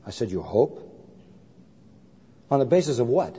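A man preaches in a storytelling sermon, voicing the people in his anecdote with lively emphasis. His voice is mellow and a little husky. The recording is dull and lo-fi, carried by the long reverb of a big hall. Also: lowish voice, normal speed, long pauses. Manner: animated storyteller acting out dialogue.

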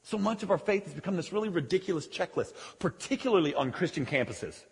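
A man preaching a sermon, animated and joking, who often drops into quieter asides between scripture readings. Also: high voice, fast, vocal fry. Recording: long echoey hall reverb.

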